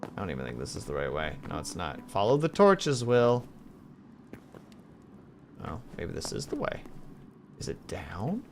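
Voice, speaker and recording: Gravelly-voiced man chatting on stream. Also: sits low, big pitch swings, unhurried, pauses often. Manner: chatty, jumps between game and chat replies. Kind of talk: casual gaming stream chat.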